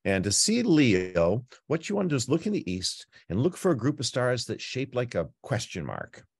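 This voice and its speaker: A man presenting a night sky tour, teaching in a chatty, playful way with frequent jumps in pitch. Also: very animated, moderate pace, gravelly, husky, no echo. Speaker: planetarium presenter. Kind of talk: informal astronomy talk.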